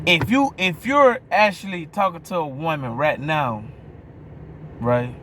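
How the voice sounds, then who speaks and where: A man's voice: on the high side, a little slow, a bit bright, slight background noise. A man with a New Orleans accent giving a blunt, profane opinion monologue, often stopping to ask if you hear him. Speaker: vlogger.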